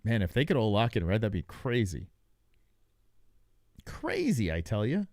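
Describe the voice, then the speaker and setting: A man's voice: lowish voice, huge pitch swings, measured pace, a little mellow, no room sound, studio quality. A young man hosting a live stream, reacting to results in loose, joking chatter and talking to his chat. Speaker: livestream host. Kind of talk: casual live reaction commentary.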